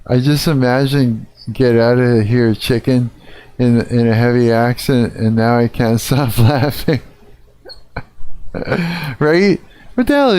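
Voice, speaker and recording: Slow-talking man, smooth dry voice. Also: medium pitch, a little mellow. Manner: laughing, swearing, puzzled thinking aloud. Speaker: live streamer. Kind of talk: casual live-stream reaction.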